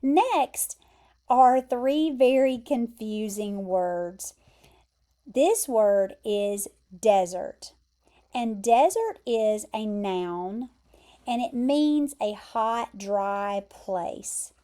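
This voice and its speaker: A woman with an American accent teaches English vocabulary at a very slow, deliberate pace. Her voice sits a little high with a mellow, warm tone. She spells out words and repeats each pronunciation with care. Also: expressive. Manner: slow, careful explaining with clear repeated pronunciations. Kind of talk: vocabulary lesson.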